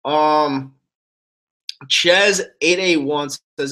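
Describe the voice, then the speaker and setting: Profane ranting young man, bright voice. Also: fairly high pitch, very slow, soft background music. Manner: angry, profane, rambling with restarts. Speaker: sports fan streamer answering chat. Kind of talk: ranting live stream commentary.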